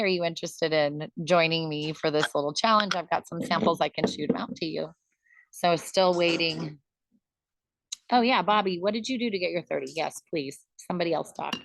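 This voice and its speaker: A woman's voice: lowish voice, normal speed, gravelly, background noise. A woman hosting a casual team video call, upbeat and encouraging, laughing often as she talks. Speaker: host of a team business call.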